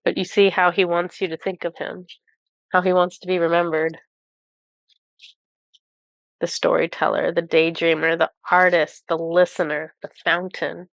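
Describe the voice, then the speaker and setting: A woman with a cold, reading oracle cards and channeling messages for viewers in a halting, awestruck way with many pauses. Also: fairly low pitch, little pitch movement, creaky, no echo, clean studio sound. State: has a cold. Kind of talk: intuitive card reading to viewers.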